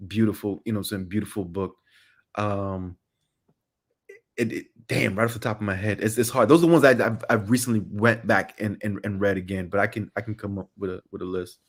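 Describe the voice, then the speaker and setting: A man's voice: lowish voice, fairly even intonation, brisk. Middle-aged guy as a podcast guest, passionate, says things twice to hammer them home. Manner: passionate, repeats phrases for emphasis. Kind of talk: casual chat.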